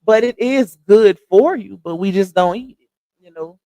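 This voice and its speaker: A woman's voice: medium pitch, moderate pace, dark tone, no room sound. A young woman with a Louisiana Southern accent, chatting casually with her livestream viewers and laughing often. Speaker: livestream host.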